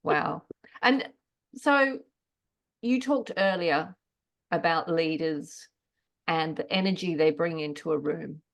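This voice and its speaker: Unhurried, low-voiced woman host. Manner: relaxed, prompting, laughs along. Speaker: podcast host. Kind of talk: casual interview chat.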